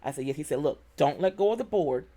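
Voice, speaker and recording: Animated woman telling a story. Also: deep voice, quick pace. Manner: animated, emotional retelling with many quoted exchanges. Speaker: vlogger. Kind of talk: casual storytelling.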